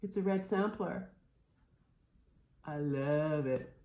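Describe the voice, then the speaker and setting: Showing off her cross-stitch haul, a thirties-aged woman chats playfully and a little scattered, using many fillers. She speaks slowly in a low, mellow voice, and the room is echoey.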